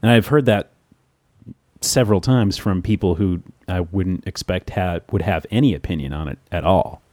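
A man's voice: low-pitched, normal speed, darkish tone, dry recording. A man hosting a casual tech podcast, chatty and laughing often, with plenty of fillers. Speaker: podcast host.

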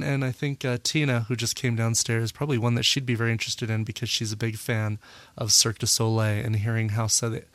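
A man hosting a music podcast in a relaxed, casual way, often pausing with "uh" and correcting himself. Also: mid-range voice, creaky, dry recording. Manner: relaxed, full of "uh" fillers and self-corrections. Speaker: podcast host. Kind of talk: casual radio-style podcast chat.

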